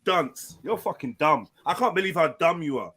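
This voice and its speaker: A man's voice: on the high side, expressive, normal speed, fairly bright tone, husky. A man arguing on a live panel, insulting and dismissive, repeating himself. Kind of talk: heated argument on a live panel.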